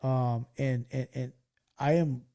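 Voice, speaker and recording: A man in his forties from California, hosting a podcast and telling stories in a loose, profane, excitable way. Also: mid-range voice, slow pace. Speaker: podcast host. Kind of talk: casual storytelling chat.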